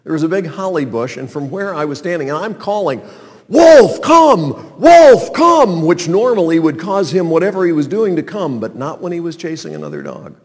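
A man from North Carolina telling a personal story to an audience in an animated, sermon-like way. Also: a little high, fast talker, few pauses. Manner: animated storyteller, acts out calls and sounds. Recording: long reverb of a large hall.

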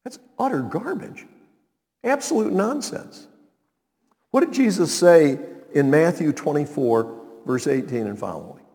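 Guy preaching a sermon, slow and emphatic, voice ringing around a big echoey hall. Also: on the high side, lively intonation, warm tone. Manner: emphatic, repeats key phrases. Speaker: pastor.

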